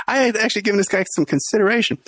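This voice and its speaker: A man's voice: sits high, very fast, a bit bright, no room sound. A middle-aged man, the podcast host, telling a story in a casual interview, laughing often and acting out the people he quotes.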